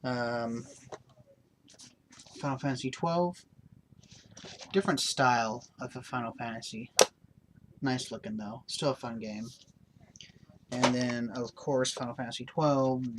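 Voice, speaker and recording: A man's voice: mid-range voice, noisy background. A man hosting a gaming channel, giving casual show-and-tell in a blunt, opinionated, rambling way.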